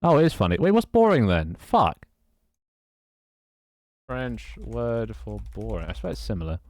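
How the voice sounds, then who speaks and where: A man's voice: fairly low pitch, sing-song, measured pace, a little mellow, no echo, studio quality. An English man streaming live, chatting casually with his viewers, laughing often, swearing and fumbling through playful mock French. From England. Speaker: live streamer reading chat.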